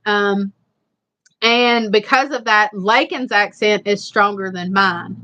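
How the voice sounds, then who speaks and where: A woman's voice: medium pitch, slow pace, sharp tone. A woman with a strong Eastern Kentucky Appalachian accent, chatting casually and at length to viewers as a livestream host. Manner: rambling, repetitive, chatty. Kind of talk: casual live chat.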